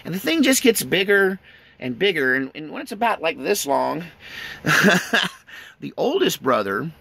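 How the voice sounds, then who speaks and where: Man from East Texas, rambling storyteller, gravelly voice, bright tone. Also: fairly high pitch, big pitch swings, measured pace. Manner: rambling, chuckling between lines. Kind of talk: casual spoken storytelling.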